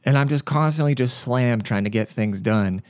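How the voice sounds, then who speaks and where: A man's voice: mid-range voice, moderate pace, darkish tone, no room sound, studio quality. Blunt, profane male podcast host. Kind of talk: casual ranting monologue.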